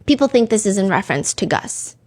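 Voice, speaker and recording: A woman hosts a true-crime podcast in a relaxed, conversational voice of middling pitch. She talks as if to a friend, with plenty of filler words, and she often stops to read quotes aloud. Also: brisk. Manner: chatty, filler-heavy, reads quotes aloud. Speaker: podcast host. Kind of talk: casual true-crime storytelling.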